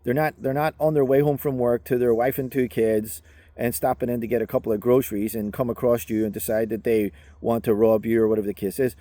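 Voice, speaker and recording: A man's voice: mid-range voice, level tone, fast talker, mellow, no echo. A man with a Northern Irish accent, a self-defense instructor telling a personal story in a casual, conversational way with many fillers. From Northern Ireland.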